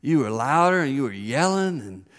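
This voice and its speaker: A man quoting his calm, firm wife as she scolds him, in a low, even voice. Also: moderate pace.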